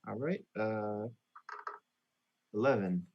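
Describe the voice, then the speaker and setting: A man's voice: fairly low pitch, takes it slowly, muffled recording. A man playing in a tabletop role-playing game, thinking aloud and working out his moves with some hesitation. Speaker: player.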